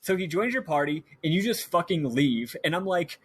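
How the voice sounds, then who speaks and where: A man's voice: a little high, lively intonation, normal speed, fairly bright tone, husky. A man hosting a podcast, animatedly retelling a video game in casual chat, swearing freely and acting out the characters. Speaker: podcast host.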